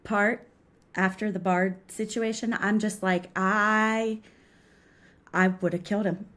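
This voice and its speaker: A woman's voice: mid-range voice, steady tone, normal speed. Wry, teasing woman podcast co-host. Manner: wry, teasing, laughs at dark moments. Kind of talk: casual chat recapping a TV episode.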